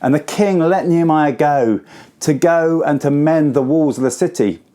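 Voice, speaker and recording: Lively man telling children a story. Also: a little high, moderate pace. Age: 40s. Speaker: school assembly speaker. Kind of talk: children's assembly talk.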